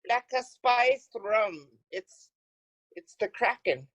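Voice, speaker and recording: Woman co-host, tipsy and playful; lively pitch, slow delivery, casual swearing. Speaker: podcast co-host. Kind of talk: casual chat.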